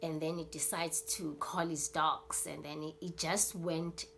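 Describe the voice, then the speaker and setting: South African woman YouTuber, slow and lowish, casual rambling storyteller. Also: flat delivery, vocal fry, a bit bright, a little hiss or hum. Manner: rambling, many fillers, acts out scenes.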